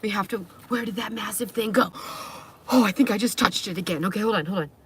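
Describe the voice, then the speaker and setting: A woman's voice: medium pitch, quick pace, fairly bright tone, breathy edge. A woman live streaming, chatting casually and talking to her dogs, with squeamish outbursts.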